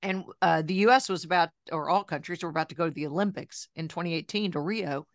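Woman in her 60s, lowish voice, chatty storyteller w/ lots of asides, dry close sound. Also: fast, no room sound. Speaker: guest, journalist and health coach. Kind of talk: casual storytelling interview.

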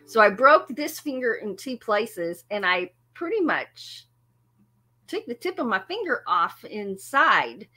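Speaking slowly in a slightly high voice, a music channel host casually shares a story with her viewers. She laughs a lot and is animated and self-mocking.

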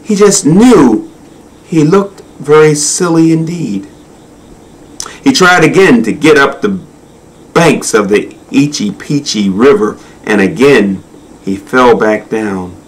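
A man reading children's animal stories aloud in an expressive voice. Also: mid-range voice, slow. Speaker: storyteller.

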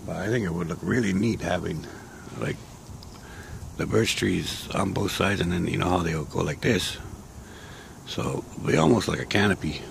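A man talking casually outdoors in a vlog, sounding sick and short of breath, slow and rambling with pauses. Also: low-pitched, creaky, noisy background. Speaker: vlogger. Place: outdoors in a garden grove.

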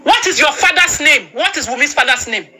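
A woman's voice: high voice, lively intonation, fairly quick, bright, forceful tone, low-quality recording. A woman delivering a furious, insulting rant on a live video panel, stammering and repeating herself as she talks over a phone mic. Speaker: panel speaker. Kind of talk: angry live-stream rant.

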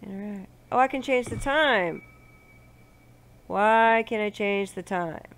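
A sick woman playing a horror game, talking to herself and swearing and yelling at the game. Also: mid-range voice, slow pace. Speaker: let's play gamer.

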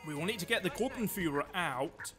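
A man calls out orders in live gameplay commentary, excitable and loud. His voice sits a little high. Faint game music plays underneath. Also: fairly quick. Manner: excitable, talks loud, quips at himself. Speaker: streamer.

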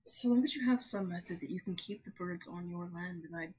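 A woman playing a tabletop game, laying out her points in a measured, reasoning way. Her voice is husky and breathy. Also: on the low side, a little mellow. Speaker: player.

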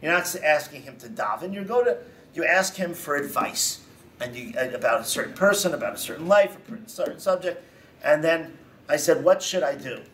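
Rabbi delivering a lively congregational lecture, higher-pitched man, picked up from across a synagogue hall. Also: a little fast, far from the mic, slight background noise. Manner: animated storytelling, rising emphatic repetitions.

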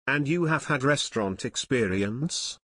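Male reader doing a suave French manager, French accent, lively lilt. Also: mid-range voice, unhurried, dry recording. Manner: polished, smooth and courteous.

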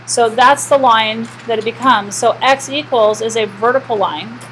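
A woman's voice: a little high, normal speed, fairly bright tone, slight background noise, low-quality recording. A woman teaching a math class, lecturing and asking the students questions she often answers herself.

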